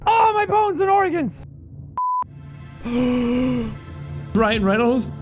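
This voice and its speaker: A man doing loud, goofy commentary while playing a game, excitable and prone to shouting. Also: very high voice, very slow. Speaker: gaming commentator. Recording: game audio and music behind.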